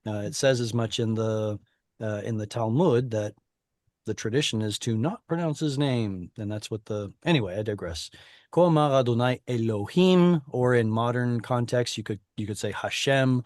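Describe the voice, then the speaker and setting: A man's voice: mid-range voice, normal speed, a little mellow, no room sound, studio quality. A man teaching an online class, explaining patiently over a video call with frequent fillers. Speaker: Hebrew teacher.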